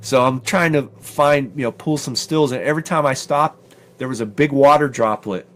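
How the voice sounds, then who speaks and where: A middle-aged man with a mid-range voice tells a story in relaxed studio chat. He keeps it conversational and animated. His quoted remarks jump up in pitch. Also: normal speed. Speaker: podcast co-host.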